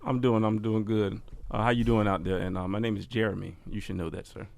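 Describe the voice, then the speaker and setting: A man's voice: on the low side, fairly even intonation, brisk, vocal fry, darkish tone. A man joking playfully as a regular panelist on a radio talk show. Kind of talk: casual radio panel chat.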